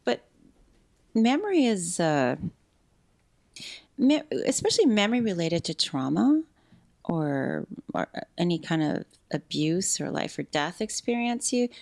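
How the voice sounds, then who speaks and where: Animated woman guest, candid talk. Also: on the low side, creaky. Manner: animated, fast restarts, acts out quoted speech. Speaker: podcast guest.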